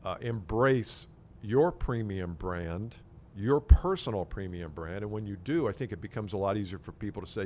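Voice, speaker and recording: A man's voice: fairly low pitch, animated, moderate pace, darkish tone, slight background noise. A man co-hosting a conversational podcast as a sales consultant, thinking aloud and acting out what imagined clients would say. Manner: reflective, makes points by acting out imagined clients.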